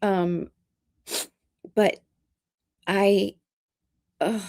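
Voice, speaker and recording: A woman vlogger talking in an earnest, halting, emotional way in casual commentary. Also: medium pitch, steady tone, vocal fry, darkish tone.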